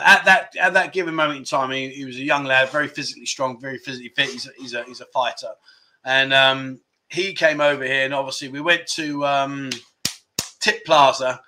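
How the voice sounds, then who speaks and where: A man's voice: mid-range voice, sharp tone. A middle-aged man from England hosting a casual livestream, chatting, telling stories and reading viewer comments aloud. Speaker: livestream host.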